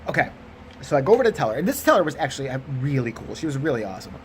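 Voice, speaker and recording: A man's voice: mid-range voice, big pitch swings, racing, slight background noise. A tired man with a Chicago accent telling a comic, profane story about a bank mix-up. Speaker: vlogger. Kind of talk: casual storytelling rant.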